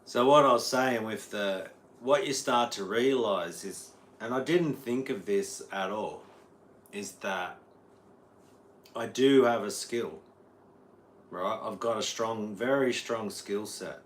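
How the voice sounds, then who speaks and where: A man's voice: on the low side, slow, slight background noise. An Australian man, a guitar teacher, rambling casually on a livestream and answering viewers' chat. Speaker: guitar teacher streaming live.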